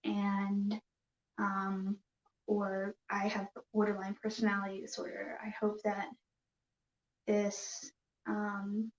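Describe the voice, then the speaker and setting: A woman's voice: mid-range voice, completely flat delivery, slow pace, pauses often, a little hiss or hum. A woman hosting a casual live stream, talking nervously and hesitantly with many fillers and restarts. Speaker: yarn crafting streamer. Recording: dull, roomy home recording.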